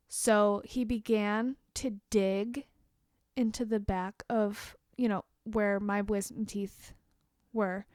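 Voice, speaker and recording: A young woman vlogger telling a storytime rant to the camera, candid and expressive, swearing freely and tossing quick asides to her viewers. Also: medium pitch, dry recording, clean studio sound.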